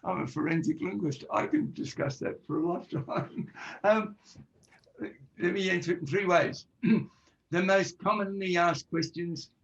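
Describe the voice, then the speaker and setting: A man with a slightly high voice talks as a guest on a podcast. He explains his ideas point by point and acts out the sample questions he describes. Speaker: guest, forensic linguist. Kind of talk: podcast interview answers.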